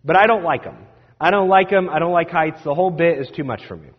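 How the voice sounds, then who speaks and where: Animated pastor in a reverberant sanctuary. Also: male voice, a little high, fast talker. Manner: animated, self-deprecating storyteller. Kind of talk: sermon storytelling. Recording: dull sound with long hall reverb.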